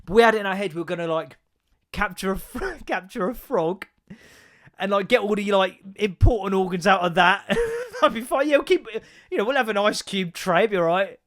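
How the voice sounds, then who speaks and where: A young man with a fairly high voice hosts a solo podcast in a loose, rambling way. He swears constantly, laughs at his own stories and hops from one rant to the next. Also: expressive, moderate pace, a bit bright. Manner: sweary, chatty, laughs often, jumps between rants. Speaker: podcast host.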